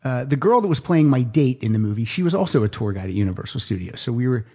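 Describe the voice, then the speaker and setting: A middle-aged man telling a long story in a casual podcast chat, animated and acting out other people's lines. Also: medium pitch, fast. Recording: dull lo-fi podcast audio.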